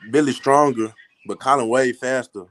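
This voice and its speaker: A teenage football recruit answering interview questions politely and briefly. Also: male voice, mid-range voice, fairly even intonation, moderate pace, a bit bright. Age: teens. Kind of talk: casual interview.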